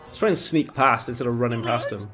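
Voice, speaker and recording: Male streamer, mid-pitched, casual rambling play-by-play, chuckles at own jokes, faint game music behind. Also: fast talker. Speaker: gaming streamer. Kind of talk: casual gameplay commentary.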